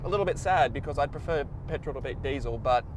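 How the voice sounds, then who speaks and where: A man's voice: on the high side, fast talker, slight background noise. A young Australian man commentating on car tests in a casual, upbeat way, speaking from inside a car on a track. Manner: upbeat and chatty, directs the runs. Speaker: car reviewer and host.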